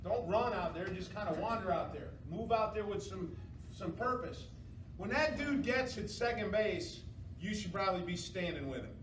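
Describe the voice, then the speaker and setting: High-voiced man in an echoey room. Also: expressive, moderate pace. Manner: conversational, asks the room questions. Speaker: umpire trainer presenting to umpires. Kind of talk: casual training talk. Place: meeting room. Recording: echoey room from far off, noisy.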